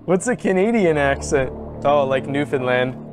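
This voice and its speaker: A man's voice: a little high, animated, normal speed. A man streaming a puzzle game, thinking aloud, muttering and counting under his breath and often trailing off. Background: game music.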